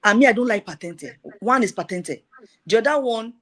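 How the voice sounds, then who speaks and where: A middle-aged woman giving a personal testimony, retelling events in a lively way with repeated phrases. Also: a little high, normal speed.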